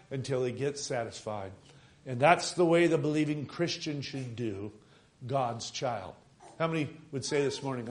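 A man preaching a fervent sermon, swinging between soft low asides and loud exhorting bursts, repeating phrases and asking the congregation questions. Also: lively intonation, moderate pace.

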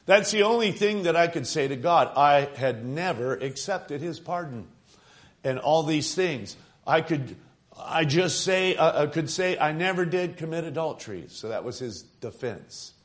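A man preaching a sermon, retelling a story with dramatic slowing and rising for emphasis. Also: fairly high pitch, lively intonation.

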